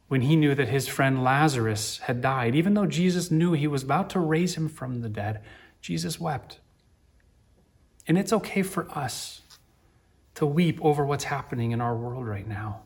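Gentle, earnest male pastor preaching. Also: mid-range voice. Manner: gentle, reflective, builds to earnest emphasis. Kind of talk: sermon.

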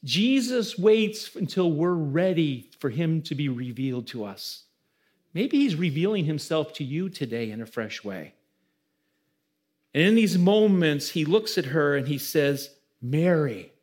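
High-voiced man preaching a sermon. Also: big pitch swings, a little slow, darkish tone. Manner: preaching with rising emphasis and audience questions. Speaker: pastor.

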